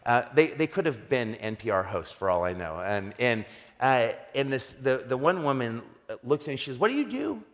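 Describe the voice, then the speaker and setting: A middle-aged pastor tells a personal story as a sermon, conversational and funny at first, then growing emphatic as he preaches. His medium-pitched voice moves at a moderate pace, with the long reverb of a large hall.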